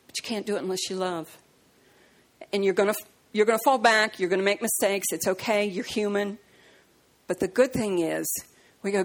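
A woman delivers a sermon with a gravelly, creaky edge to her voice. She tells stories from her own life, jumps up into a high voice to act out the people in them, and slows right down to stress her point. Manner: acts out dialogue in a high voice, slows for emphasis. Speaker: preacher. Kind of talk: sermon with storytelling.

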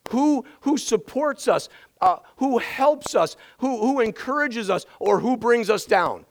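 High-voiced energetic preaching man. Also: unhurried, rough recording. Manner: energetic, emphatic repetition. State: voice strained from yelling. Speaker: pastor. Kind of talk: sermon.

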